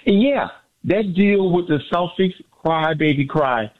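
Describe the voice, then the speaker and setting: A man's voice: a little high, unhurried. An overjoyed man calls in to a sports radio show. He brags and repeats his points, his voice swinging up and down. The audio comes through dull, like a phone line. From Miami area. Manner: excited, boastful, repeats himself. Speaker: caller. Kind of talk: excited sports radio call-in.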